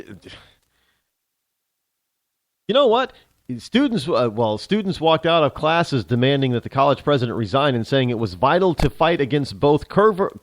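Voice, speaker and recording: Animated, sarcastic male talk show host. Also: a little high, dry recording, clean studio sound. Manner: sarcastic, animated, ranting with mock voices. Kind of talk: opinion monologue.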